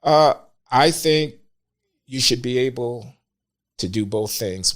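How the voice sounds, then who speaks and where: An older man, a podcast guest, speaking in a measured, emphatic way with hesitant pauses. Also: medium pitch, animated. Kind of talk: opinionated talk.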